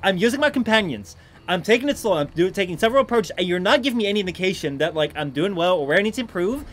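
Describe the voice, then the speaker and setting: A young man livestreaming a game, swearing freely, with loud frustrated outbursts and rambling, filler-heavy asides. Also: sits high, lively intonation, rapid-fire. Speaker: streamer. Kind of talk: live gaming stream commentary.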